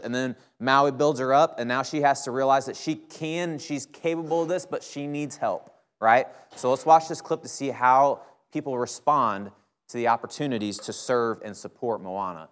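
A young male preacher speaking to a campus group. His delivery is conversational and sincere, and he often checks in with his listeners. His voice sits at an ordinary middle pitch. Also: smooth. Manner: conversational, earnest, keeps asking "right?". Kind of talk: sermon.

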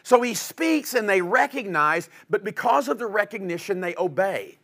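Male pastor, fairly high voice, sermon delivery that rises loud and drops to quiet, low asides. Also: animated, moderate pace.

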